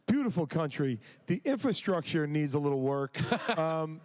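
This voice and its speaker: A man's voice: fairly high pitch, sing-song, normal speed, darkish tone. A man from New York telling crude, brash anecdotes as a panelist at a comedy convention panel.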